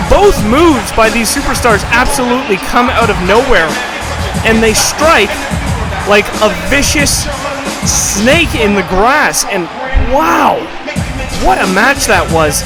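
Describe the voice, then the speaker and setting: A man doing play-by-play commentary for a video game wrestling show, getting excited and shouting at the big moments. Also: very high-pitched, a little slow. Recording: loud music and crowd behind.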